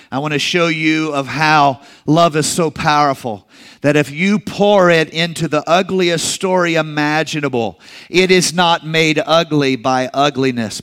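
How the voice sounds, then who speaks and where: A man's voice: a little high, fairly bright tone, smooth. A middle-aged male pastor preaching a sermon in a conversational way, with personal asides and occasional restarts.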